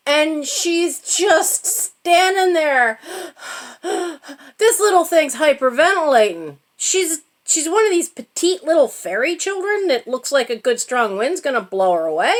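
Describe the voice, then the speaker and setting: A woman's voice: sits high, very animated, measured pace, hardly any pauses. A middle-aged woman telling a comic holiday story to her channel in a casual, self-mocking way, laughing as she goes. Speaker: channel host.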